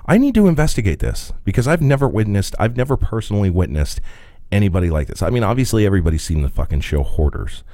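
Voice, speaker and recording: Deep-voiced man telling profane stories. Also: fast talker, dry recording, studio quality. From rural Midwest. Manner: profane, animated, laughing storyteller. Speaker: podcast co-host. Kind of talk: casual storytelling chat.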